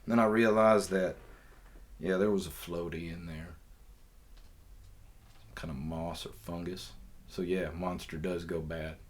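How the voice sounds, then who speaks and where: Guy faking a deep southern drawl, rambly and self-mocking, casual story. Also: steady tone, unhurried, long pauses. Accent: put-on Southern US. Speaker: podcast host.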